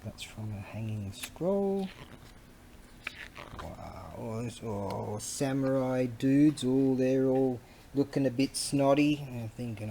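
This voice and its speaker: A middle-aged man with an Australian accent rambles along in a relaxed vlog, dropping slang. He talks slowly at an ordinary pitch. A faint hum of noise sits under the voice. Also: gravelly. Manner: slangy, wandering, chuckling storyteller. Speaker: vlogger. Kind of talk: casual rambling commentary.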